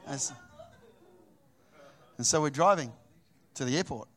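Animated high-voiced male preacher. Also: measured pace, long pauses. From New Zealand. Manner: animated storytelling, acts out both sides of dialogue. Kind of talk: sermon with personal story.

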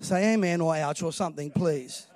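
High-voiced preacher, dry sound. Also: male voice, normal speed, a little mellow, dry recording. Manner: emphatic preaching, calls for audience response. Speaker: pastor. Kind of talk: sermon.

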